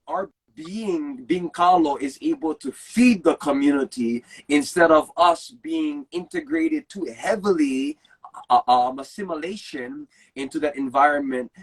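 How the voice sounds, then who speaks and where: Husky man, lively and earnest. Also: fairly high pitch, rough recording. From Hawaii. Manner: earnest, laid-back, says bro often. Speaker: podcast guest. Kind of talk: casual conversation.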